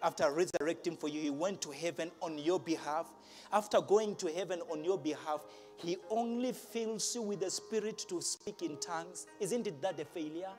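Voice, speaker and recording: A man preaching a lively church sermon, swinging from shouts to low asides and laughing often. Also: normal speed, soft background music. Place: church hall with congregation.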